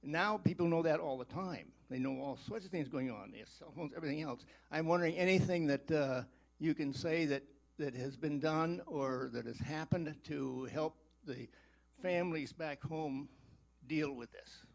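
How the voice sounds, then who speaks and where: Elderly man, 80s, audience question, hesitant, throat-clearing, rambling. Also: fairly high pitch, normal speed, rough recording. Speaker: audience member asking a question. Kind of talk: spoken question from the floor.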